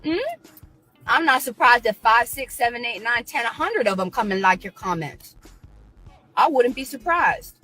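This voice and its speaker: A woman's voice: fairly high pitch, animated, normal speed, bright, forceful tone, soft background music. A woman on her own live stream, ranting at critics in a combative, preachy way and repeating herself.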